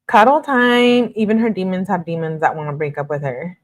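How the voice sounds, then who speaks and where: Lowish-voiced woman reading out texts on stream, stops to chat with viewers in between. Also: quick pace. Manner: reads messages flatly, breaks off to chat with viewers. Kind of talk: casual live-stream commentary and reading aloud.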